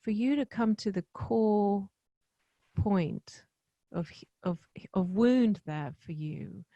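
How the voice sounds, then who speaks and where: A woman hosting a podcast, speaking in a soft, affirming and reflective way. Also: mid-range voice, lively intonation, slow pace, dry recording, highs cut off. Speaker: podcast host. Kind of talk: reflective interview talk.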